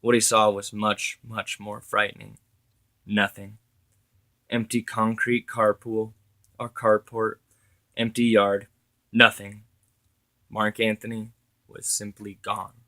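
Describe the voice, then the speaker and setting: A man reading his story aloud as narrator, steady with occasional self-corrections. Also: on the low side, slow, pauses often, dry recording.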